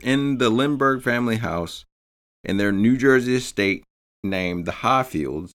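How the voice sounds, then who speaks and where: A man's voice: mid-range voice, expressive, measured pace, a bit bright. A man hosting a podcast, telling a true-crime story in a casual, profane way. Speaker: podcast host.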